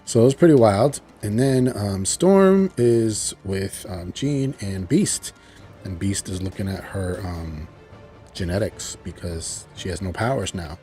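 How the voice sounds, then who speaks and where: A man excitedly recapping a TV episode in a rambling, chatty way, full of "like" and "you know". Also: fairly low pitch, a little slow, soft background music. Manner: enthusiastic, rambling storytelling with frequent "like" and "you know". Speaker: TV show reviewer.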